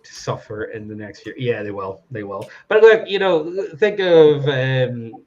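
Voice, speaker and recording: A man talks in a loose, rambling way, laughing often and swearing. His voice sits at a middle pitch. The audio is dull and lo-fi. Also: very animated, measured pace, darkish tone. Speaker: podcast guest. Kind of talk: casual chat.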